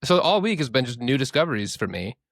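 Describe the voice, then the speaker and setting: Casual young guy on a podcast, animated and profane, does silly voices, mid pitch, dry sound. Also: fast, creaky, no echo. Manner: animated storyteller, swears freely, mimics voices. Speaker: podcast co-host.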